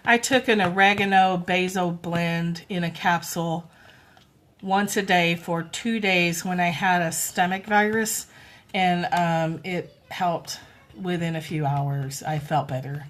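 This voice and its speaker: A woman's voice: lowish voice, fairly even intonation, a little slow. Chatty woman on a phone livestream. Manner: chatty, soft, coos to toddlers. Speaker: livestream host. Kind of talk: casual livestream chat. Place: home with toddlers.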